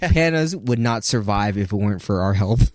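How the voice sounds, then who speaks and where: A man's voice: fairly low pitch, animated, fairly quick, no echo. A man co-hosting a podcast, telling stories in a brash, laughing, casual way. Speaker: podcast co-host. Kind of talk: casual chat.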